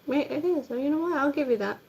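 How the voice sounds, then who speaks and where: A young woman with a fairly high voice chats bluntly while she does her makeup at home. She talks casually and drops swear words as she goes, streaming to her viewers. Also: lively intonation, fast, vocal fry, a little mellow, lo-fi sound.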